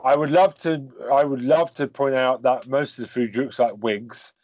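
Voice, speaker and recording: A man's voice: medium pitch, moderate pace, darkish tone, no echo. A man co-hosting a podcast in casual chat, hesitant and full of ums. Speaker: podcast co-host. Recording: dull dry lo-fi mic.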